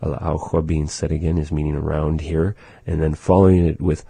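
A man slowly explaining words and phrases in a language lesson, patiently repeating each word for the listener. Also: rumbling low, flat delivery, vocal fry, mellow, breathy edge. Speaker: language teacher.

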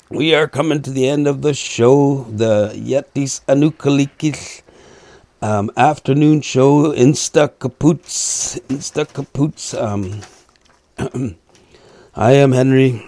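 A male radio host speaks very slowly, repeating each word with care. His voice is gravelly and dark. The sound is dry and close. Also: mid-range voice, dry recording. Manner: slow, repeating each word carefully, clearing throat often. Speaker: radio host teaching indigenous language phrases. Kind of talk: slow radio language lesson with repetition.

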